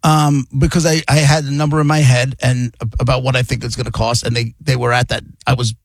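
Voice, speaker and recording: A man's voice: medium pitch, little pitch movement, fairly quick, dry recording. A man hosting a talk radio show, chatting casually and joking with his co-host and callers. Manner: laid-back, joking, hesitant restarts.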